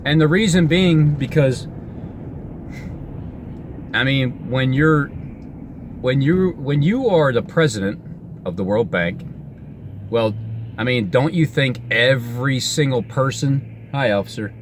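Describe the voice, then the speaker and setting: Outdoors, a man rambles excitedly into his vlog camera, pitch bouncing all over the place. His pace is slow with long pauses, and he often stops, restarts, or lets sentences trail off. Traffic and street sounds are plainly audible in the background.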